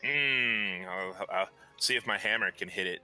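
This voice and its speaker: A man's voice: on the low side, a little slow, bright, forceful tone, faint music behind. A man playing in a tabletop game, chatting playfully and often restarting his sentences. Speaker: player. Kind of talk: casual tabletop game chat.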